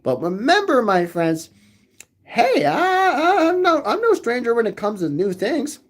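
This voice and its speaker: A man's voice: very high voice, very animated, unhurried. A man hosting a livestream, rambling to his chat, repeating phrases again and again in a sing-song way. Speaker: livestream host reading chat. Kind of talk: rambling live chat with viewers.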